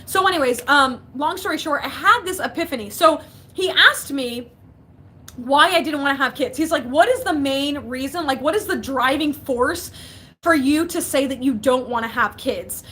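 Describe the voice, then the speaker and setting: A woman's voice: sits high, normal speed, pushed and bright. A young woman in casual livestream chat from her basement, chatty and giggly, reading out viewers' comments. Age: young adult. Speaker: vlogger.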